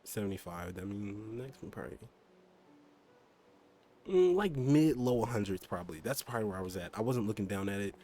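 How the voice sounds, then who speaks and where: A man's voice: fairly low pitch, animated, a little fast, mellow, a little hiss or hum. A young man streaming a game and chatting casually about his motorbike and car, rambling with lots of fillers and mild swearing. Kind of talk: casual chat while gaming.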